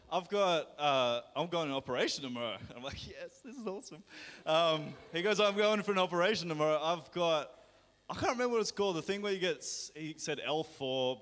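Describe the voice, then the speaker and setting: A man's voice: on the high side, fairly bright tone. Chatty man telling a story in a church hall. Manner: chatty storyteller, laughing often, then commanding in prayer. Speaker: worship leader sharing a healing testimony. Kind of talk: live church testimony and healing prayer. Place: large church hall, live service. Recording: long hall reverb.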